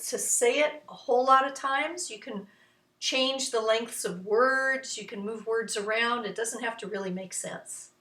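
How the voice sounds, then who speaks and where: A woman's voice: a little high, bright, forceful tone. A woman teaching a children's music lesson, patiently chanting rhythm syllables. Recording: roomy, voice from a distance.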